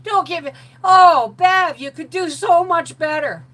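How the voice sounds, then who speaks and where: A woman voicing a blunt female friend who shouts a warning, shrill and emphatic. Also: unhurried. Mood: alarmed.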